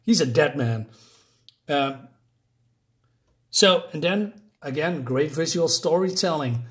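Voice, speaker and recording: Speaking slowly in a slightly high voice, a man goes over a comic book plot in a casual way, full of restarts and filler words. The gory parts make him excited and set him laughing.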